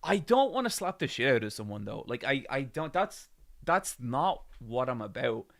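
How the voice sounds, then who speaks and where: Animated Irish man chatting on stream. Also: medium pitch, moderate pace. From Ireland. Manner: rambling storytelling, swears, gets worked up. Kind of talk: casual live-stream chat.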